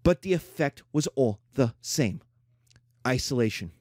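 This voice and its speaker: A middle-aged man teaching a classroom lecture in an emphatic, animated way, slipping into playful mock voices. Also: mid-range voice, unhurried, no echo, clean studio sound. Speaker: history teacher.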